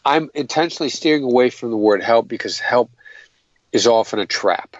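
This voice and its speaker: A man's voice: medium pitch, lively intonation, brisk, no room sound, dull audio. A man explaining negotiation tactics in an interview, earnest and methodical, often restarting his sentences. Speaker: guest, hostage negotiator.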